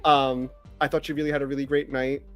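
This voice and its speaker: A man's voice: mid-range voice, little pitch movement, quick pace, a bit bright, soft background music. A man co-hosting a podcast in casual chat, enthusiastic and emphatic. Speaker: podcast co-host.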